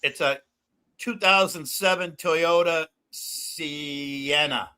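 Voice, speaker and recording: Bright-voiced older man telling rambling stories. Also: fairly high pitch, takes it slowly, clean tone. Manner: rambling storyteller, laughs at own jokes. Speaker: stream host. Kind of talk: casual chat.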